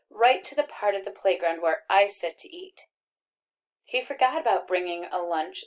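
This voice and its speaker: A woman reading a first-person novel aloud as an audiobook narrator, with expressive, wry storytelling. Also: medium pitch.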